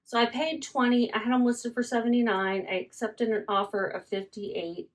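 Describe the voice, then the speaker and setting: A woman's voice: a little high, fairly even intonation, normal speed. A woman vlogger chatting casually as she packs and ships her online sales, thinking aloud and repeating herself. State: yawning, hiccuping. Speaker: reseller vlogger. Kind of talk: casual chatty vlog while packing orders.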